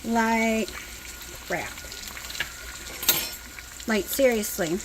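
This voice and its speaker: A woman's voice: fairly high pitch, drawn-out words, noisy background. Tired, chatty woman with a country twang. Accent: Southern US country. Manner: chatty, rambling, talks with mouth full at times. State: exhausted. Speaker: cooking vlogger. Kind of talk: casual chat while cooking. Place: home kitchen, indoors. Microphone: phone.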